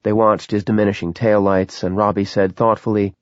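A man giving a measured, scripted audiobook narration. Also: on the low side, flat delivery, no room sound, dull audio.

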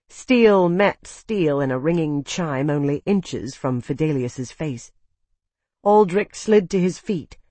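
An audiobook narrator reading a fantasy novel in a steady, expressive, dramatic way. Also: mid-range voice, no room sound.

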